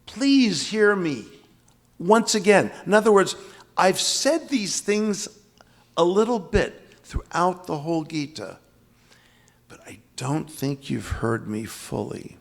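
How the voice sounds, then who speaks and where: An older spiritual teacher from the US East Coast delivers an emphatic, dramatic lecture on scripture, repeating key phrases for weight. His voice is on the high side, expressive and gravelly, and he takes his time.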